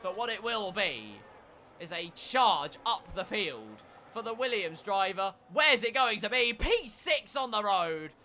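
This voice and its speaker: Man, sim race caller, high voice, excitable and jokey, noisy mix with engine sound under him. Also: unhurried. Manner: excitable, jokey, breaks into shouts. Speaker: sim racing commentator. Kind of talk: live esports race commentary.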